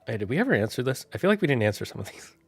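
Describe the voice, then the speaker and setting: A man streaming live, thinking out loud and answering chat in a casual, rambling way. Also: medium pitch, very animated, creaky. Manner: musing aloud, thinks out loud with quick asides. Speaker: streamer running a worldbuilding chat.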